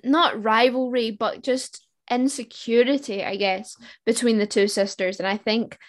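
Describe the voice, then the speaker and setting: A woman's voice: fairly high pitch, steady tone, measured pace. A woman co-hosting a podcast, talking through a TV show in casual chat with thoughtful restarts. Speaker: podcast co-host.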